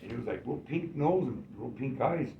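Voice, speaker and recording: A man telling family stories in an animated way, laughing and acting out what others said. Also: mid-range voice, moderate pace, crowd noise. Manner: animated, laughing, acts out quotes. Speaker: storyteller. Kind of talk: family storytelling. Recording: far, echoey, muffled and noisy.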